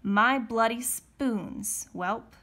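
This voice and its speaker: A woman's voice: a little high, moderate pace. A woman reading aloud, voicing a brutish, bullying grown man who growls and bellows. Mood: menacing.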